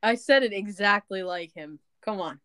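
A woman's voice: medium pitch, normal speed, sharp tone, dry recording. Playful young woman, dry close sound. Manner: playful, teasing, laughs often. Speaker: podcast co-host. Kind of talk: casual chat.

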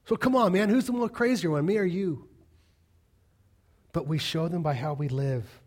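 High-pitched male pastor, conversational sermon, asks the congregation questions. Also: normal speed, darkish tone.

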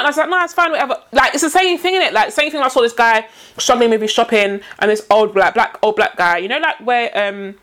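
A woman's voice: fairly high pitch, fast. A young woman telling a story in casual chat, acting out the voices of the people in it. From Nigeria. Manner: animated storyteller, acts out quoted voices.

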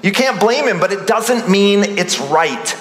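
Bright-voiced man preaching in a hall. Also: high voice, unhurried. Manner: animated preaching, acting out quoted voices. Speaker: pastor. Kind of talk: sermon. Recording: roomy hall reverb.

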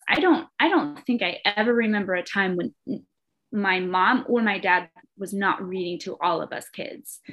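A woman recounting her own story as a podcast guest. She speaks earnestly and from the heart, in a casual, conversational flow with a voice of middling pitch. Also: a bit bright. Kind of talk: personal testimony in conversation.

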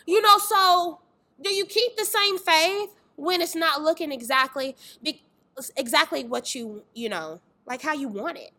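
A young woman, a fitness trainer sharing a candid faith testimony, telling it in a lively way with acted-out voices and exclamations. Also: high voice, moderate pace. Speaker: fitness trainer and dance tour organizer.

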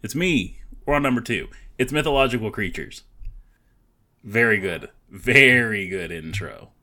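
A man's voice: on the low side, animated, measured pace, bright, forceful tone. A man on a casual podcast, blunt and profane, giving short reactions and telling a brief work story. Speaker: podcast co-host.

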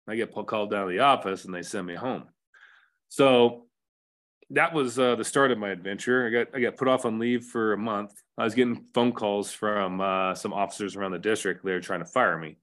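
A man's voice: mid-range voice, a bit bright. A middle-aged man with an American accent, a fire captain telling a story as a podcast guest in a candid, casual way, cursing now and then and acting out quoted dialogue.

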